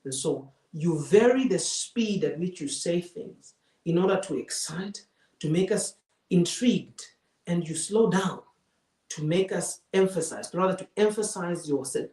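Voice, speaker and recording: With a measured pace, a medium pitch, a slightly dark tone and lively intonation, a public speaking coach lectures in a live masterclass. Key phrases get emphatic repetition for effect, heard through roomy echo from a mic placed well away from the speaker.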